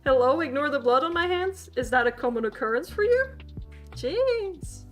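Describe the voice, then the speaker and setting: Giggly high woman teaching. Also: lively intonation, normal speed, faint music behind. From Sweden. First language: Swedish. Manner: giggly, laughs often, playful and chatty with chat. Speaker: streamer teaching a language class. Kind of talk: livestreamed language lesson.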